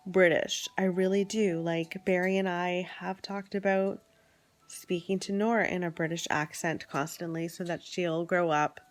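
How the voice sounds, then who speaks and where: A woman from Canada chatting at home at night for her vlog, drifting between soft whispers and bright exclamations. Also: medium pitch. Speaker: vlogger. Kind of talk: casual chat.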